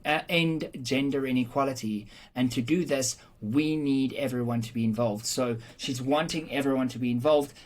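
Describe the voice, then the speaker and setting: Slow, patient rhetoric teacher. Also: medium pitch. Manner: explains patiently with examples, checks in with "okay?"; frequent "um" fillers and small restarts. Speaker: English teacher. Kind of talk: explanatory lesson on rhetoric.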